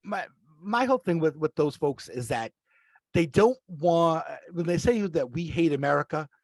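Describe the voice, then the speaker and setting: Podcast guest, male, slightly high pitch, earnest and deliberate, dry close sound. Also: expressive, no room sound. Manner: thoughtful, earnest, repeats words as he builds a point. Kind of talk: casual chat.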